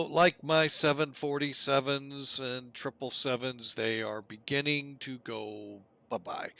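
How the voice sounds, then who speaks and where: A man's voice: mid-range voice, sharp tone. A man casually narrating a flight simulator session on a live stream, chatting to viewers as folks.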